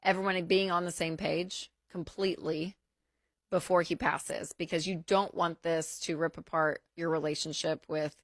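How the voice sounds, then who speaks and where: A woman's voice: lowish voice, normal speed, no room sound. Chatty woman co-hosting a talk show. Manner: chatty, animated, with fillers and restarts. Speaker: co-host. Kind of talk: casual talk-show chat.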